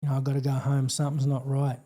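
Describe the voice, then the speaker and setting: Australian man, guest, very dark and flat-toned, earnest halting storyteller. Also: medium pitch. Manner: halting, earnest, many fillers and restarts. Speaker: podcast guest. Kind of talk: personal storytelling in an interview.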